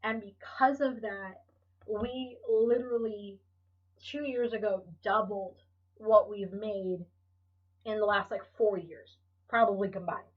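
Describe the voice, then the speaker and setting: Husky woman rambling on her podcast, swears a lot, sounds kinda far from the mic. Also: mid-range voice, steady tone, slow pace, highs cut off. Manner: emotional, profane, rambling with restarts. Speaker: podcast host. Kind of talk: candid solo podcast monologue.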